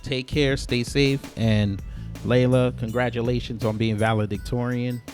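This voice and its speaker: A man's voice: mid-range voice, fairly even intonation, a little slow, music in the background. A man hosting an online commentary channel, blunt and opinionated, signing off with a joking outro.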